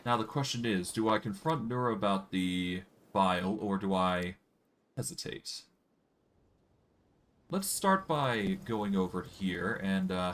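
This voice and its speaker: A man's voice: low-pitched, a little hiss or hum. A man streaming a fantasy role-playing game, casually thinking aloud and narrating the game's text. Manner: relaxed, thinking aloud with fillers.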